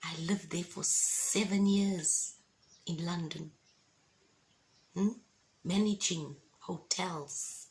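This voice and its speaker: This Christian vlogger, a woman with a fairly low, darkish, steady voice, records an emotional testimony of faith indoors at home with the windows open. She speaks slowly with frequent pauses, fervently making sure her audience understands, on a rough recording.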